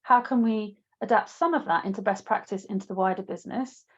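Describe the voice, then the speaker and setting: A woman speaking as a panel guest, talking in a steady, measured corporate way. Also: medium pitch, muffled recording. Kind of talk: panel interview.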